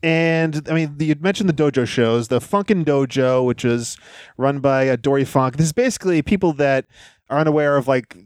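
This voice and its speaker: A man's voice: fairly high pitch, normal speed, darkish tone, smooth, no echo, clean studio sound. A man hosting a casual interview, prompting his guest with questions and filling in names and details. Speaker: podcast host interviewer.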